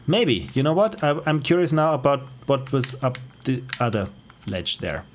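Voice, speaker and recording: A man's voice: mid-range voice, big pitch swings, moderate pace, slight background noise. A man with an Austrian accent streaming indie games, thinking aloud with curious questions as he plays. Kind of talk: live gameplay commentary. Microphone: wearing headphones.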